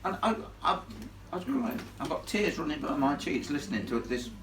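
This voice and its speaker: A man telling a ghost story live to an audience, in a blunt, animated way with plenty of salty asides. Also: a little high, moderate pace, noisy background. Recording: echoey room filmed from far off.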